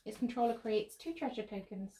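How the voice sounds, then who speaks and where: A woman playing a casual card game, cheerful and quick to laugh. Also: a little high, animated, a crowd in the background, poor audio. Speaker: player. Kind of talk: casual tabletop game play.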